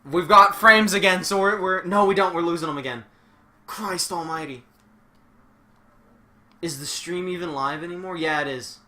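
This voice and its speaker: A young man commentates a wrestling video game on a live stream, excitable and constantly swearing, swinging from shouts to mutters. His voice is high, his speed normal, and he pauses often.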